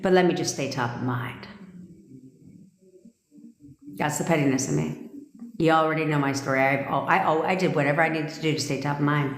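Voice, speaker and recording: This manifestation coach's voice is low and animated, and she speaks slowly with long pauses. On her live stream she's blunt and intense, swears heavily, circles back to the same points and answers comments from viewers, all in an echoey room with a long reverb tail.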